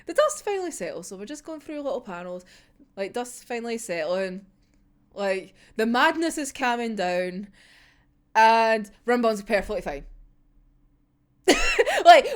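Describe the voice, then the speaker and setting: A young woman chatting through a manga chapter in a gushing, giggly, sweary way, as a casual fan reviewer. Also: a little high.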